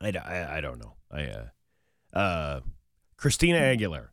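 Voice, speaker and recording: A man's voice: extremely low pitch, wildly swooping pitch, moderate pace, a bit bright, dry recording, studio quality. Playful man hosting a casual chat.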